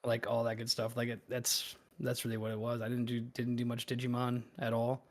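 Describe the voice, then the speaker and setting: A man's voice: mid-range voice, completely flat delivery, brisk. Easygoing man joking on a podcast. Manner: jokey, easygoing. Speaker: podcast co-host. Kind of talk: casual banter.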